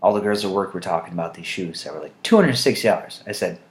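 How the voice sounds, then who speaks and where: A man telling funny stories as a vlog monologue, wry and rambling, with loud mock voices for the people he quotes. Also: sits low, animated, fast talker, hardly any pauses. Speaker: vlogger. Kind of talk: humorous storytelling monologue.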